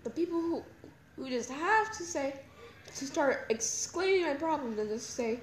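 Young woman podcast host, candid rambling talk, slightly high voice, roomy echo, faint hum behind. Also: lively intonation, normal speed. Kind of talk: casual personal talk. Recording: echoey room with faint ambience.

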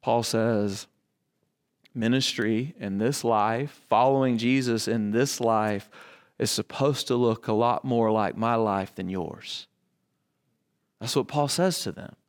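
A man's voice: mid-range voice, takes it slowly. A male pastor preaching a sermon, building emphasis through repetition and rhetorical questions.

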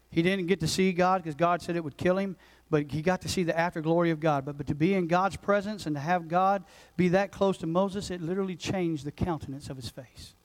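A man in his forties, a pastor preaching a passionate sermon that swings between loud urgency and hushed intensity. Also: a little high, rough recording. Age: 40s. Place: church sanctuary.

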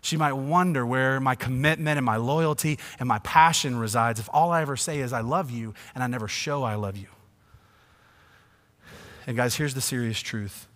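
Male pastor, 30s to 40s, mid pitch, emphatic sermon delivery with hushed dips, long reverb of a church hall. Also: normal speed. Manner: swings from hushed to loud, emphatic.

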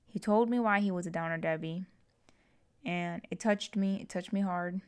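A woman's voice: lowish voice, moderate pace, smooth. A young woman co-hosting a podcast in casual chat, playful and dramatic, given to gasps and giggles. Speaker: podcast co-host.

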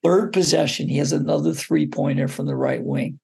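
A man, a basketball coach, telling a story as a guest in an interview, lively and often putting questions to the listener. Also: fairly high pitch, a little fast, gravelly, slightly rough. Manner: animated storyteller who poses questions to the listener.

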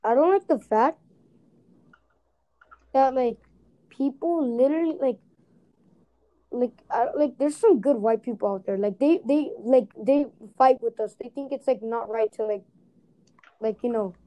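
A woman's voice: fairly high pitch, measured pace, pauses often, mellow, low-quality recording. A young woman co-hosting a podcast, talking bluntly and heatedly with lots of filler words. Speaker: podcast co-host. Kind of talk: casual chat.

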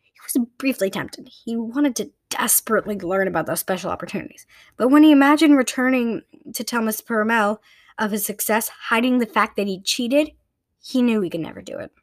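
A woman reads a children's novel aloud in a plain, unpolished way, now and then stumbling and restarting. Her voice sits somewhat high, and the recording is close and dry, with no room echo. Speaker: reader.

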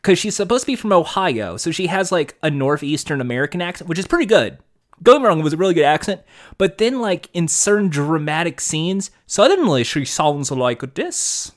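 A man with a somewhat high voice rants in casual podcast chat, animated and quick to swear. He talks fast and keeps going once he gets worked up. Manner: animated, ranting, swears freely. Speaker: podcast co-host.

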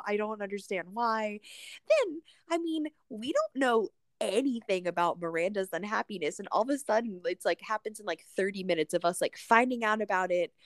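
A woman's voice: fairly high pitch, dry recording. A young woman guest on a podcast, chatting casually and emphatically, often mimicking people. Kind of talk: casual chat.

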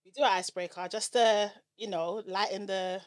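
Casting note: woman, podcast co-host, mid-pitched, talks things through with firm opinions. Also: fairly even intonation, moderate pace. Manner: opinionated, thoughtful, explains at length. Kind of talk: casual chat.

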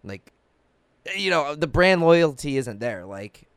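A man chatting casually as host, with a smooth, resonant voice that swings up and down a lot. He talks loosely, full of fillers and quick laughs. The sound is dry and close. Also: a little high, big pitch swings, no room sound. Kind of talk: casual chat.

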